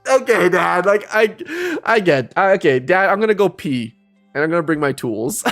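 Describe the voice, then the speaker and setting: A young man tells a story in a loose, rambling way, restarting his sentences and breaking into laughter. His voice sits a little high for a man and swings widely in pitch. Faint music plays behind him. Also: expressive, normal speed. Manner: rambling, self-interrupting, laughs often. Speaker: live streamer. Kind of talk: casual storytelling.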